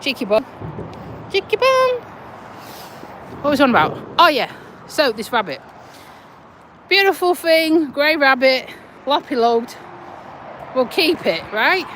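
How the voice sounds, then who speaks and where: A woman's voice: high-pitched, very animated, a little slow, long pauses, a bit bright, slight background noise. A woman chatting casually on a live stream, telling animal rescue stories while she walks outdoors and laughing often. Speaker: vlogger.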